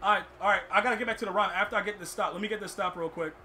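A young gaming streamer gives live commentary on his own football video game match, ranting in frustration and stammering as he restarts his sentences. His high-pitched voice races with a sharp tone. The recording is low quality, with clear background noise.

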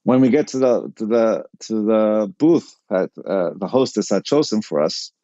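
A middle-aged man telling a personal story to a podcast host in an animated way, acting out the dialogue as he goes. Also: lowish voice, moderate pace, dry recording, dull audio. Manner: animated anecdote-telling, quotes people in dialogue. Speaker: podcast guest.

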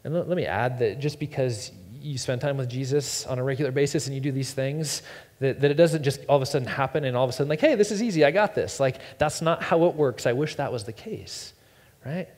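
A man's voice: mid-range voice, a little fast, a little mellow. A man in his thirties preaching a sermon as pastor, telling stories casually and stumbling over repeated words. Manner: casual storytelling, repeats words, self-deprecating. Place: church sanctuary. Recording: long reverb in a church hall.

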